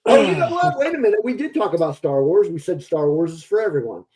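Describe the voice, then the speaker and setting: Male podcast host, casual and rambling, self-mocking; slightly high, very animated pitch, mellow tone. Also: fast, slight background noise.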